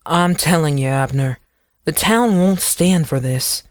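A grim, gray-haired small-town lawman, as a woman narrator plays him in a storybook reading. He speaks low and firm, recorded close and dry. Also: measured pace, no room sound.

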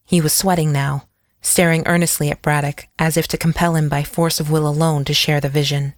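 Reading an audiobook, a woman with a low voice keeps her storytelling measured and even. The sound is clean studio audio without any room sound.

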